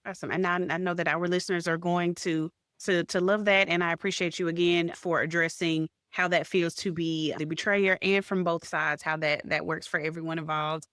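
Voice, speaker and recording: A woman hosting an interview podcast, affirming her guest warmly with repeated short praise. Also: on the low side, fairly even intonation, fairly quick, hardly any pauses, clean tone, no echo, studio quality. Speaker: podcast host.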